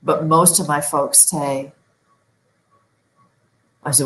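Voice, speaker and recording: A middle-aged woman coaching viewers through a guided relaxation lesson for better sleep, giving slow, soothing instructions. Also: low-pitched, fairly even intonation, fairly bright tone, rough recording. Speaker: sleep and stress management coach.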